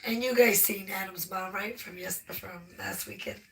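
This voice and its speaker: A woman's voice: medium pitch, fairly even intonation, moderate pace, pushed and bright, breathy edge. A woman co-hosting a live home-tour stream while losing her voice, making dry, teasing asides. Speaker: channel co-host.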